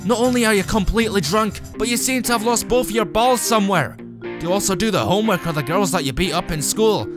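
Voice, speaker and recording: A raspy female fridge, put on by a man from a comedy game, mocking and rude with a lilting Irish-Scottish twist. Her voice sits up high and swings about freely. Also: big pitch swings, brisk, music in the background. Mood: scornful. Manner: mock Irish-Scottish lilt. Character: sharp-tongued female talking fridge, rude and scolding.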